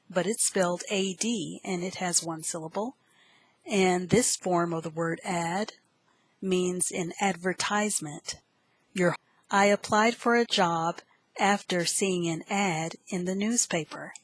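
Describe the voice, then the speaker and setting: A woman teaching English vocabulary, who spells each word letter by letter and repeats it slowly. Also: on the low side, no echo, low-quality recording. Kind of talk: slow, deliberate vocabulary lesson.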